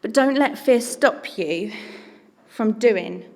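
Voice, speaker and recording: A woman's voice: on the high side, animated, takes it slowly, creaky. Earnest woman preaching in a hall. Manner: earnest and conversational, with frequent "like". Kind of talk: sermon.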